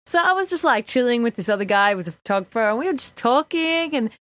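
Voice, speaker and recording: A woman co-hosting a podcast, chatty and quick to laugh as she tells stories. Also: on the high side, animated, a bit bright, no room sound. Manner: giggly, chatty, storytelling. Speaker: podcast co-host. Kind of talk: casual chat.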